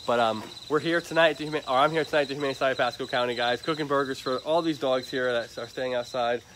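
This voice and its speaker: A chatty man talks casually to his livestream viewers and sweet-talks a dog at an animal shelter. His voice sits at a middle pitch. The phone recording is outdoors, with crickets and clear background noise. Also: fairly even intonation, fast. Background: crickets and insects.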